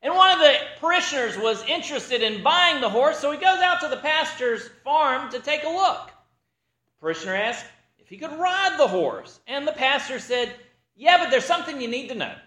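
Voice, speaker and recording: A man preaching a sermon, opening with a joke and acting out its characters in an animated storytelling manner. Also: very high-pitched, moderate pace, roomy sound.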